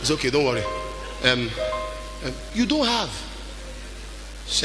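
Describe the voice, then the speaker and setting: A man preaching a sermon, moving from loud exhortation to quiet storytelling. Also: medium pitch, sing-song, measured pace, long pauses. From Nigeria. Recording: music behind the voice.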